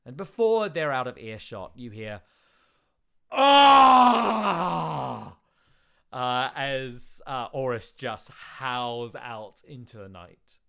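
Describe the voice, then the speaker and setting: A man narrating a tabletop game as dungeon master, describing scenes in a relaxed way with filler words. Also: medium pitch, takes it slowly, hardly any pauses, smooth.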